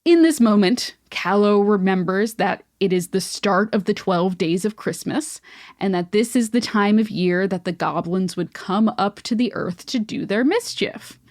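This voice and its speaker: A woman's voice: mid-range voice, a little slow, a little mellow, no echo, clean studio sound. Playful woman host telling a folktale. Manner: playful, joking. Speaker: podcast host. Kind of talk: casual storytelling chat.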